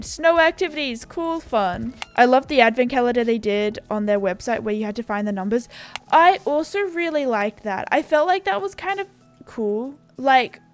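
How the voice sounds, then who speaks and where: A woman with an Australian accent, chatting casually as a gaming YouTuber, rambling and filling her talk with "like" and "you know". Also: a little high. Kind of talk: casual chat.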